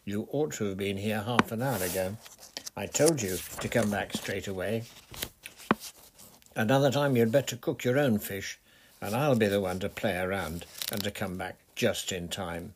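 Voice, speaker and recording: A man voicing a bossy, capable girl who cooks for the camp, in a brisk, scolding way. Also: on the low side, background noise, natural voice.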